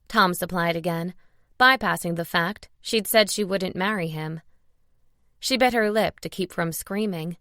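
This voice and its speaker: A woman's voice: on the low side, a little slow, sharp tone, no room sound, clean studio sound. Woman narrating a romance audiobook. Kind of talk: scripted narration.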